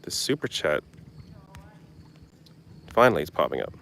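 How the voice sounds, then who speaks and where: A young man with a deep, low-pitched voice reads viewer comments aloud and answers them on a live stream. He talks bluntly and casually, tossing in the odd swear. He's recording outdoors. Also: very animated, a little slow, a bit bright, slight background noise. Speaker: political commentary host. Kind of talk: live stream Q&A reading chat.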